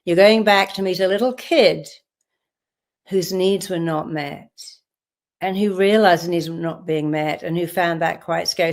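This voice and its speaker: Speaking a little slowly in a lowish voice, a woman therapist guides a visualization at a live online event, directing listeners firmly and giving them affirmations to repeat.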